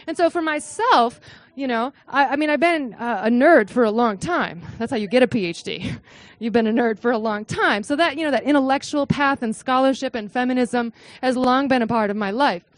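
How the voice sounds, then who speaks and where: Animated woman lecturer from the Midwest, high voice, dry close sound. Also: moderate pace, dry recording. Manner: animated, frequent "right?" asides; acts out quotes in a high excited voice. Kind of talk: academic talk to a live audience.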